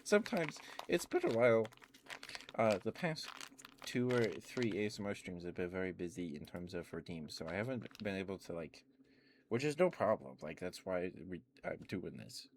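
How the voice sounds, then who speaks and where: A young man rambling through relaxed ASMR chat on a stream, with lots of filler words, at a close mic. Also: sits low, normal speed, noisy background. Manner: rambling, meandering, full of "like" and "um" fillers. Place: home streaming setup.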